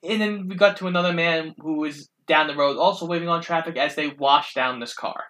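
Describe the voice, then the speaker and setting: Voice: medium pitch, a little fast, a bit bright, poor audio. A co-host of a casual film review podcast, steadily recapping the plot with easy asides. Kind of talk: casual chat.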